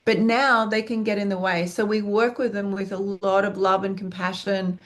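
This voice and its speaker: A woman's voice: medium pitch, level tone, moderate pace. A woman acting teacher answering interview questions in an earnest, frank way, speaking in long flowing lists and swearing freely.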